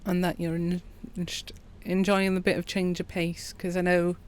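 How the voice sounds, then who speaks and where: A woman, quietly commentating a farming game and chatting with her viewers. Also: on the low side, moderate pace, smooth. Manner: quiet, relaxed, chats with viewers. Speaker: streamer. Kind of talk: calm gameplay commentary.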